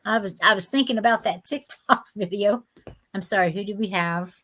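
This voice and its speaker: A woman's voice: mid-range voice, moderate pace, sharp tone. A middle-aged woman, chatting with viewers by name while hosting a live sale, indignant and talkative. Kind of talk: casual live-stream chat.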